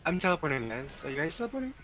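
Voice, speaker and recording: A man chatting casually while playing a multiplayer game, excitable and quick to laugh, yelping at surprises. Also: heavy background noise. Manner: excitable, laughing, yelps in high bursts. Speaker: gamer.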